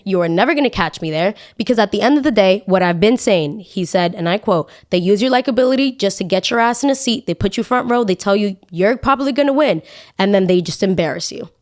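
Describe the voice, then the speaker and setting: A young woman hosting a podcast, talking casually in an animated, dramatic and exasperated way. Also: medium pitch. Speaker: podcast host. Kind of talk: casual opinion monologue.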